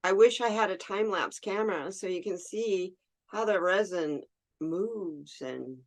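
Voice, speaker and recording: Craft host, female, unhurried and chatty, thinks aloud and talks to herself through a casual demo. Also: mid-range voice. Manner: chatty, talks to herself while working, laughs easily. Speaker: resin art tutorial host. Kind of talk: casual hands-on demonstration.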